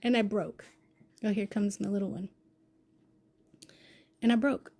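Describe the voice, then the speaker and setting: Woman vlogger, dark mellow voice, raw confessional telling, hushed to loud, swears freely. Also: mid-range voice, steady tone, a little slow. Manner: intense, swearing, swings from hushed to loud outbursts. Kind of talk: emotional personal storytelling.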